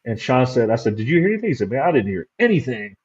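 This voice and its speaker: A man's voice: medium pitch, sing-song, very fast, dull audio. A man, a paranormal investigator, chatting casually as a guest and recounting an experience, stumbling and repeating words as he goes. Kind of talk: casual storytelling chat.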